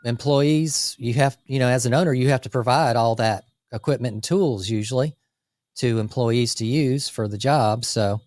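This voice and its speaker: A man co-hosting a casual business podcast, talking energetically through lists with quick asides about running a landscape company. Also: mid-range voice, a little mellow, no room sound, studio quality.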